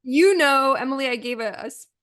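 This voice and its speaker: A woman's voice: high voice, fairly bright tone, dry recording, clean studio sound. A young adult woman from Oregon, co-hosting a podcast in casual chat with a chatty, upbeat manner. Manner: chatty, upbeat, quick asides. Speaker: podcast co-host.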